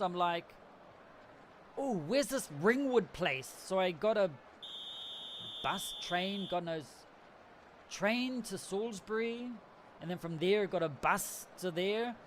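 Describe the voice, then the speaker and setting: High-voiced with a faint hiss or hum, the New Zealander hosting this livestream keeps things casual. He rambles through a story about his travels and laughs a lot along the way.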